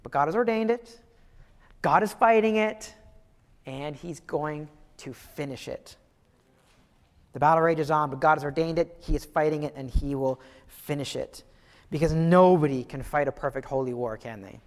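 A man preaching a sermon in a lively, conversational way, asking his listeners questions as he goes. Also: on the high side, normal speed, big-room sound. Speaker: pastor.

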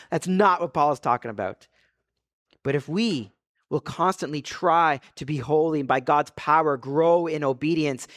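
A pastor with a high voice preaches a sermon in an earnest, conversational way, posing rhetorical questions.

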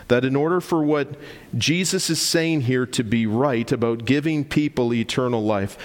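A man preaching a sermon as pastor, earnest and emphatic, slowing down and repeating lines for stress. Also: fairly high pitch. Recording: long reverb of a large hall.

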